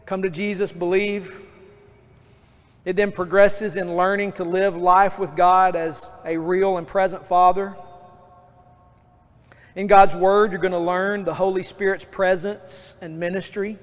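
A man preaching a sermon as pastor, lively and acting out his own outbursts. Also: sits high, a little slow. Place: church sanctuary. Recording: dull church recording with long reverb.

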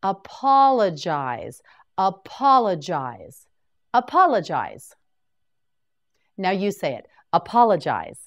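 A woman leads a vocabulary drill at a very slow, careful pace. Her voice sits a little low, yet her pitch moves a lot and rises and falls as she repeats each word. She sounds like a patient teacher prompting learners to say each word after her. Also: sing-song, lo-fi sound.

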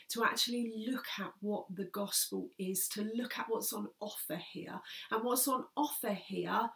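A woman's voice: mid-range voice, moderate pace, gravelly, hardly any pauses, sharp tone. A woman pastor preaching an earnest sermon, repeating key phrases for emphasis and sometimes dropping almost to a whisper.

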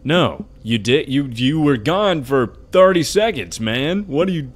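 A man's voice: mid-range voice, animated, unhurried, slight background noise. A young man playing a horror game on video, joking crudely and reading dialogue aloud. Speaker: gaming video host. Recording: loud game music behind.

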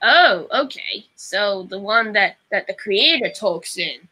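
A woman's voice: medium pitch, lively intonation, takes it slowly, bright, forceful tone, husky, rough recording. A woman chatting casually, playful and eager with ideas. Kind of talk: casual chat, playful skits.

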